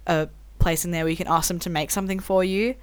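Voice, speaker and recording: A woman's voice: lowish voice, steady tone, fast, clear, resonant tone, no room sound. Chatty young woman, giggly. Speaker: podcast guest. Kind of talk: casual chat.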